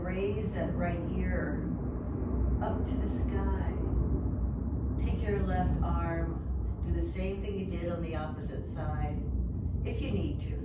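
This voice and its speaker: Woman yoga teacher, 50s, low-ish voice, calm gentle cues, clear room noise behind. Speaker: yoga instructor. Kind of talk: guided yoga class instruction. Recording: echoey room, mic far off.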